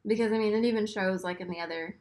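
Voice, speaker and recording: A woman chatting casually and excitedly about a movie, rambling with lots of fillers and small laughs. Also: medium pitch, fast. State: burping after beer. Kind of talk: casual chat.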